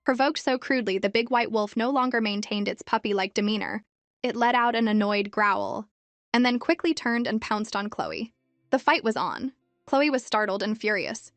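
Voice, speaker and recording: A woman reading a scripted story recap as narrator, in a steady storytelling manner. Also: fairly high pitch, normal speed, dry recording. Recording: dry close mic with faint music.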